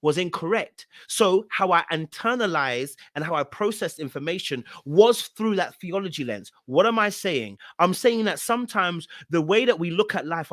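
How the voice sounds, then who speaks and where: A young man, hosting a podcast and telling a personal story in an animated way, repeating phrases for emphasis. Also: fairly high pitch, no echo, clean studio sound. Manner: animated, repeats phrases for emphasis, acts out his own past words. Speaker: podcast host. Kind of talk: storytelling talk.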